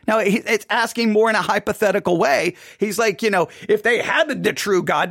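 A man giving an informal Bible study talk, animated, acting out quoted lines with rising emphasis and conversational restarts. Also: high-pitched, a little fast, vocal fry, few pauses, slightly rough, dry recording, studio quality. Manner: animated, voices God's words with rising emphasis. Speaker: Bible teacher.

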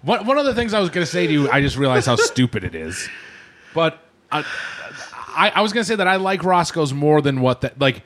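An earnest man co-hosting a casual food-review podcast, stumbling over his words and restarting sentences. His pitch ranges widely as he talks. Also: very animated, fairly quick, fairly bright tone. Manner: stammering, earnest. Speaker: podcast co-host.

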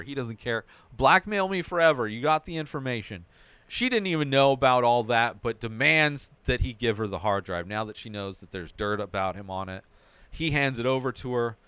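Smooth-voiced man recapping a TV episode. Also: medium pitch, no room sound. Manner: animated storytelling with frequent "right?" asides. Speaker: podcast host.

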